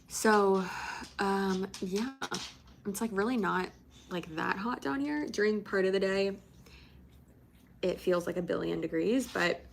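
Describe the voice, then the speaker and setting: A woman's voice: lowish voice, creaky, a little hiss or hum. A young woman from Florida chatting casually on a livestream, rambling with many fillers and casual swearing. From Tampa, Florida. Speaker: livestream host.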